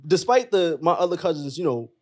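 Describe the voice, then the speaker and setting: Fairly high in pitch with lively intonation, this young man's voice is brisk and slightly dark. He's a podcast guest recounting something personal, emotional and earnest, and "bro" comes up often, for his friends and the listener alike.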